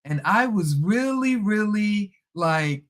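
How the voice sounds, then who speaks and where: A middle-aged woman talks through a personal story in a relaxed, chatty monologue. She is animated and keeps slipping into the voices of the people in her story. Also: medium pitch, slow. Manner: animated, acts out past conversations. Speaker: podcast host.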